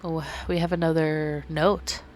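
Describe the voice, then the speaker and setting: A woman with a low-pitched voice commenting on a game she's playing. She reads in-game notes aloud and gushes over them, jumping from an easy chat to excited squeals or hushed whispers. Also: unhurried, a little hiss or hum. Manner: gushing, excitable, jumps to high squeals and soft whispers. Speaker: video game let's player. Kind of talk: casual gameplay commentary and reading notes aloud.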